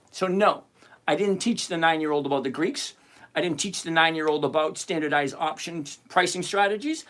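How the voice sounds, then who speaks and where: Loud animated guy running a livestream, highish voice, calling out chat names. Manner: brash, animated and teasing, reading chat names aloud. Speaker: livestream host answering chat questions on covered-call trading. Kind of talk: live-stream chat.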